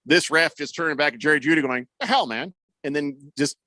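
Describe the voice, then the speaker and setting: A man's voice: on the high side, steady tone, fast, pushed and bright, no echo. A man hosting a sports radio show, rambling and joking, acting out quotes in mock voices. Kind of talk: casual sports talk.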